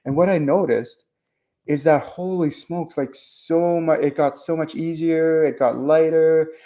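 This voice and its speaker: A man hosting a spiritual show, talking casually in a rambling, animated way with many fillers and restarts. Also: a little high, unhurried. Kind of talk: casual teaching monologue.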